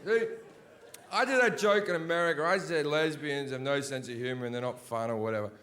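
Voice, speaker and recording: Crude stand-up comic, a man with a high-ish voice, taped live in an echoey venue with audience noise. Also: brisk, fairly bright tone, a faint crowd. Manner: brash, crude, mocking punchlines. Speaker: stand-up comedian. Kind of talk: stand-up comedy set. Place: large theater with audience.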